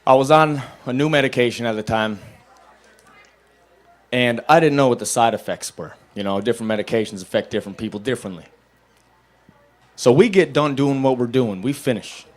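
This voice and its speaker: A young adult man doing a stand-up set at a bar open mic, telling stories in a dry, level voice and breaking into loud acted-out quotes. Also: medium pitch, brisk, long pauses. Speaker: stand-up comedian.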